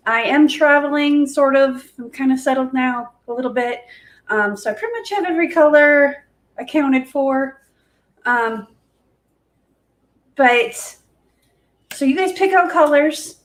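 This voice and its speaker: Giggly high-voiced woman hosting a livestream. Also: measured pace, pauses often. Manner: giggly, chatty, folksy. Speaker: livestream host, acrylic pour artist. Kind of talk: casual livestream chat.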